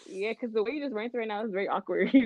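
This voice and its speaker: A woman in casual podcast chat, telling stories lively with laughs and quoted voices. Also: medium pitch, fast, slight background noise, rough recording.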